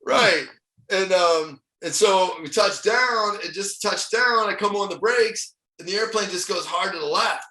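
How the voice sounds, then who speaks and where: High, bright-voiced man from Ohio. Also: unhurried. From Ohio, USA. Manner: animated, chuckles often while telling stories. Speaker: motivational speaker, podcast guest. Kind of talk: casual storytelling interview. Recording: echoey room.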